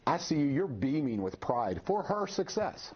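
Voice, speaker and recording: A man's voice: a little high, very animated, moderate pace, background noise. A man hosting a live TV interview, asking encouraging, conversational questions. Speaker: TV host. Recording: slightly muffled TV broadcast audio.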